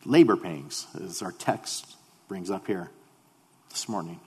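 A man's voice: deep voice, expressive, slow pace, husky, in a large hall. A male pastor giving a sermon, telling a personal story in a humorous, conversational way.

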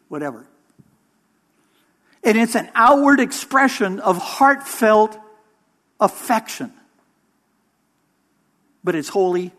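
A man preaching a sermon as interim pastor, measured and emphatic, with pauses for weight. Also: sits high, fairly bright tone.

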